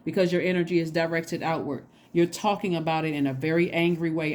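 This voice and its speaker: A woman's voice: sits low, steady tone, fairly quick, few pauses, darkish tone. Rambling woman giving a casual tarot reading. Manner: rambling, repeats phrases, tags with "right?". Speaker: tarot reader.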